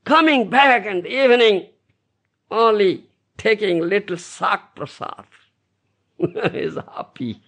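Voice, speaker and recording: A man's voice: high voice, expressive, takes it slowly, gravelly, pauses often, fairly bright tone, breathy edge. A man giving a scripture lecture as a spiritual teacher, repeating key phrases and keeping the room engaged with questions like "you understand?". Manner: teasing rhetorical questions to listeners. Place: Brisbane, Australia.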